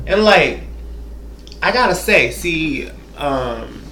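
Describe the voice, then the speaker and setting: Sassy high-voiced man in a roomy echo. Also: animated, slow pace, sharp tone, slight background noise. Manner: sassy, profane, rambling, talks to the viewer. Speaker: comedic recap host. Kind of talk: comedic TV recap monologue.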